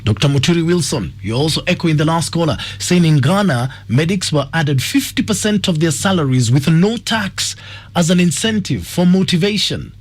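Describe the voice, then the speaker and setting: A male radio host with a Kenyan accent runs a morning call-in show. His voice is fairly high and husky. He reads out listener messages in a steady broadcast manner. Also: moderate pace, no room sound. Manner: reads listener messages aloud, brief replies.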